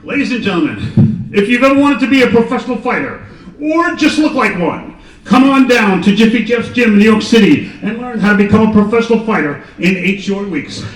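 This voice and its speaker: Picture a booming male infomercial announcer, as a comedian puts him on, pitched up and pushed loud in a salesy rush. He sells every line over the top. The sound is echoey and a bit far off, with a crowd in the room. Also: big pitch swings, fairly quick. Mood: hyped.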